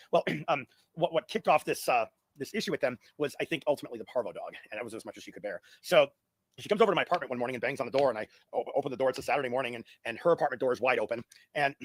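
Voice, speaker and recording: Fast-talking man with a bright, husky voice. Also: mid-range voice, no echo. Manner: rambling, restarts often, laughs at his own story. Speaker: guest. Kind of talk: casual storytelling.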